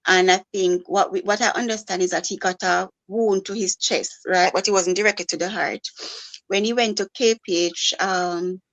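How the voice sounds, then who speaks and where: A grieving mother, talking softly and haltingly with many pauses and fillers. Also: medium pitch, fairly even intonation, poor audio. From Jamaica. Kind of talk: live-stream conversation.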